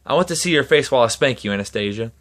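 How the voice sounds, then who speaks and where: A man doing a soft-spoken commanding young lover. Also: mid-range voice, animated, racing, close to an everyday voice. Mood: murmuring.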